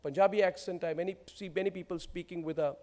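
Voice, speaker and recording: A man's voice: sits high, fairly even intonation, fast talker, warm tone. A man in his forties with an Indian English accent, giving an emphatic motivational speech built on rhetorical lists. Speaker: keynote speaker.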